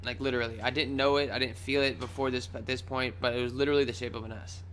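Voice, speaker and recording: A young man casually telling a wild personal story on his vlog, swearing freely, rambling, and acting out his own shouts. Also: mid-range voice, level tone, fast, a little hiss or hum. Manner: loose and profane, acts out his own shouts.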